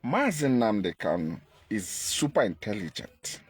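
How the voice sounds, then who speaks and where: A man with a Nigerian Igbo accent delivering an impassioned political monologue, repeating his points and jumping in pitch for emphasis. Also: sing-song, measured pace, breathy edge. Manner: emphatic, repetitive, pitch leaps when stressing. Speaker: activist commentator.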